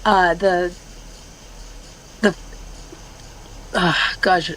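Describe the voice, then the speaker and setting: A woman's voice: on the low side, little pitch movement, very slow, fairly bright tone, rough recording. Woman guest talking casual, blunt and swears a lot, faint hum behind her. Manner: blunt and loose, swears freely, lots of fillers. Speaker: guest speaker. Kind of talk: casual chat.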